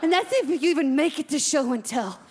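A woman's voice: high-pitched, expressive, brisk, in a large hall, voice pushed up. A woman voicing a tough, bitter female hamster who bosses the new cage mate, snarling and threatening. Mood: grim. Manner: snarling, threatening, prone to sudden yelling.

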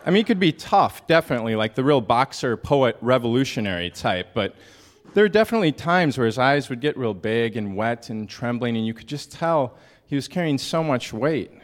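Man, storyteller, deadpan, mock-sincere, comic stage monologue, mid-pitched. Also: fairly quick. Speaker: storyteller at a live story slam.

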